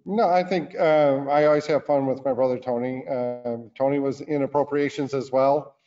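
A man speaking as a senator guest in an interview, in a deliberate, earnest way. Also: medium pitch, steady tone, dark tone, faint music behind. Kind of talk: political interview talk. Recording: dull lo-fi sound.

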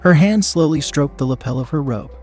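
A man steadily reading a first-person erotic story aloud in an even narration style. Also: fairly high pitch, fairly quick, husky, faint music behind.

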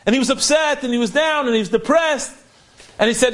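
A man's voice: very high-pitched, a little fast, a bit bright. A man earnestly retelling an inspiring story he heard from a friend, sprinkling in Yiddish and Hebrew words.

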